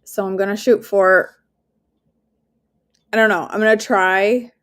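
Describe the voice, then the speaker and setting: A woman's voice: medium pitch, steady tone, unhurried. A woman hosting a daily devotional, talking earnestly and casually and leading a prayer from home. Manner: warm, earnest, conversational, with fillers and asides.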